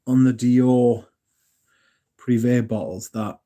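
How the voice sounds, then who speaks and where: A man's voice: mid-range voice, steady tone, slow, dark tone. An English man hosting a casual livestream, rambling and correcting himself, swearing and joking as he answers chat. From England. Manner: rambling, self-correcting, jokey and profane. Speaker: livestream host.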